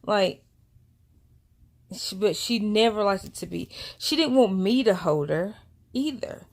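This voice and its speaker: Slow, rambling woman vlogger. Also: medium pitch. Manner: rambling, with many asides. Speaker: vlogger and mother. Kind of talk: casual storytelling vlog.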